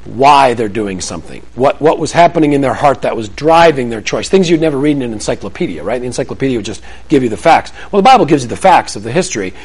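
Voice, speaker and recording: Middle-aged male pastor, animated preacher who acts out dialogues, lively pitch. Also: fast talker, hardly any pauses, slightly rough, poor audio. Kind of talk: sermon.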